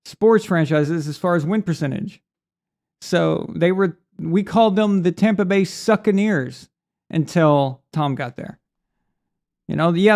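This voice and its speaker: A man's voice: sits high, gravelly, a little mellow. A man hosting a live sports stream in a casual, rambling way, reading out viewer messages. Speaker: sports show host.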